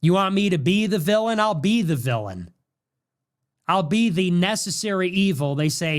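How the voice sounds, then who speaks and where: Young man, podcast host, high voice, combative rant, mocking, repeats his demands. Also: lively intonation, normal speed. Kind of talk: political monologue rant.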